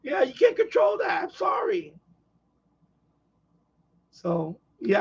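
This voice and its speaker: A man's voice: very high-pitched, huge pitch swings, slow. A man hosting a casual live stream chat, rambling and exasperated as he rants. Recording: dull lo-fi live stream audio.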